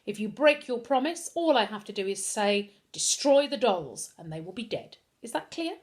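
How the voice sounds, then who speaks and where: Woman reading as icy controlling headmaster, storybook villain, clipped orders, lively pitch. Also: moderate pace, close to an everyday voice. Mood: cold.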